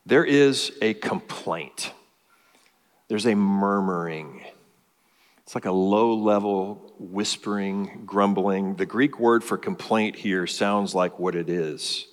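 A man's voice: fairly low pitch, slow, long reverb tail. A man preaching a sermon as pastor, explaining a passage and building emphasis through lists.

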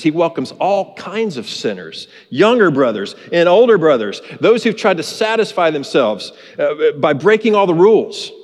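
A man preaching a sermon as pastor, earnest and emphatic, repeating his key phrases. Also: on the high side. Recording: long reverb of a large hall.

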